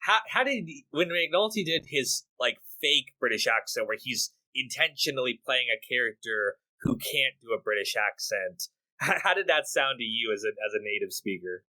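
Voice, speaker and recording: A man hosting a podcast in casual chat. His voice is bright and forceful, and he works through his thoughts aloud, often repeating words as he restarts. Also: mid-range voice, animated, normal speed, low-quality recording. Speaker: podcast host.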